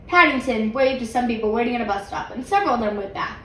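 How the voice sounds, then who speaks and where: A woman's voice: on the high side, animated, fast talker, fairly bright tone, far from the mic, slight background noise. Woman reading a storybook aloud, echoey. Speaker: channel host, reader. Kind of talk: reading a picture book aloud. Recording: roomy, away from mic.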